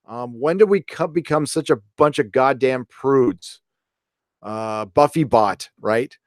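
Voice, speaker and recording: A man's voice: medium pitch, takes it slowly, no room sound, studio quality. A middle-aged man hosting a live stream, chatting casually in a rambling, joking way and reading viewer donations aloud.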